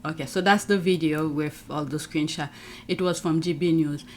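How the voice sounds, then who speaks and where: A woman's voice: low-pitched, steady tone, normal speed, slight background noise. Chatty woman commenting on her screen. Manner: chatty, talks through her screen work aloud with exclamations. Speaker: YouTube commentator. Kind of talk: casual reaction commentary.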